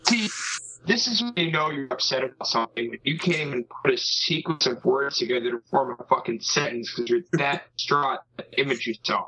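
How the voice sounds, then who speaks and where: A man's voice: medium pitch, fairly quick, bright, forceful tone, breathy edge. A man co-hosting a casual podcast chat, ranting dramatically and swearing freely, on a dull lo-fi mic.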